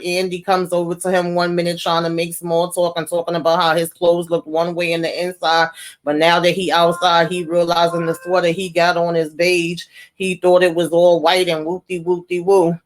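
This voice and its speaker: A woman casually recapping a TV episode for her channel, slangy and animated, with mild cursing. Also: fairly low pitch, normal speed. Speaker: TV recap vlogger.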